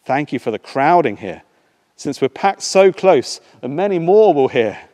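A man voicing a devout young woman prisoner who speaks brightly and earnestly, his voice lifted well above its usual pitch, in a reverberant hall. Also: very animated, measured pace. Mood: eager.

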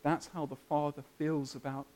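A man delivering a sermon as a pastor. He speaks earnestly and emphatically in a slightly high voice, rising toward climaxes and then easing down. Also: flat delivery, normal speed, warm tone.

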